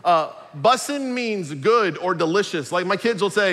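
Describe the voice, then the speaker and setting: A pastor, preaching an upbeat, jokey sermon. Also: male voice, high voice, lively intonation, normal speed, few pauses, fairly bright tone, big-room sound. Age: 40s.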